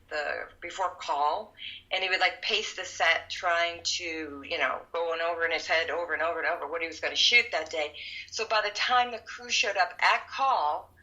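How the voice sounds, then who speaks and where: Bright-voiced woman telling set stories. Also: lowish voice, lo-fi sound. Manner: animated, acts out quotes. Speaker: film production veteran. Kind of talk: storytelling interview.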